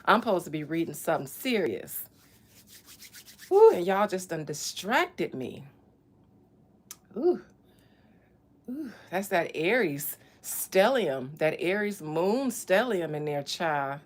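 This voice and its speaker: A woman's voice: mid-range voice, very animated, takes it slowly, long pauses. A woman from Florida doing a loose, profane psychic reading in casual livestream chat from a hot room in an old house. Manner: loud, laughing, profane banter. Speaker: psychic reader.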